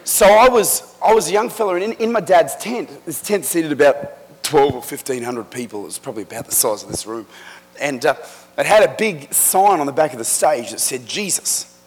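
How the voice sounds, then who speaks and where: A middle-aged male preacher with a fairly high, husky voice, telling stories from the pulpit with fervent emphasis. His sermon rings through a church hall with a long echo. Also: expressive, normal speed. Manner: fervent storytelling preacher, builds to loud emphatic climaxes. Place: church sanctuary.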